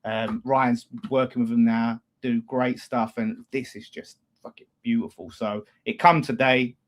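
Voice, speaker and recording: A man's voice: medium pitch, flat delivery, measured pace. A man co-hosting a football fan show, talking casually and bluntly, with plenty of swearing and restarts. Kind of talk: casual chat.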